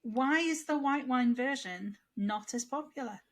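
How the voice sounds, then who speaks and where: A woman's voice: sits high, measured pace. A woman co-hosting a podcast, chatting casually and rambling with a lingering cough. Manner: chatty, rambling, asks questions aloud. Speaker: podcast co-host. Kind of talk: casual chat.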